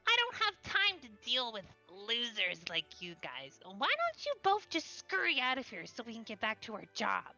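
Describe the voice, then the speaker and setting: A woman's voice: on the high side, wildly swooping pitch, moderate pace, hardly any pauses, bright, forceful tone, faint music behind, voice pushed up, full character voice. A woman voicing a hunched male thug grunt who snaps, blusters and stammers when caught out. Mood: mocking.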